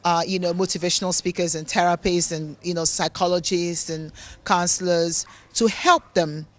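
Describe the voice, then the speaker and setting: Her voice is lowish, with fairly even intonation and a normal speed. She's from Nigeria, a motivational speaker and author taking interview questions, and her hard-to-place accent mixes English, African and Italian tones. Earnest and preachy, she repeats words to drive points home.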